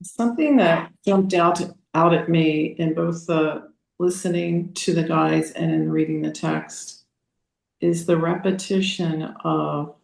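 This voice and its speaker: An older woman on a video call, sharing her spiritual reflections slowly, searching for words and restarting her sentences. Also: deep voice, vocal fry. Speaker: group participant. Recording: roomy echo.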